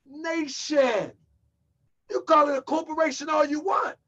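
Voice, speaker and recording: A man giving emphatic preaching commentary as a religious teacher, slowing down and repeating lines for stress. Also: very high voice, fairly even intonation, bright, forceful tone. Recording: dull lo-fi audio.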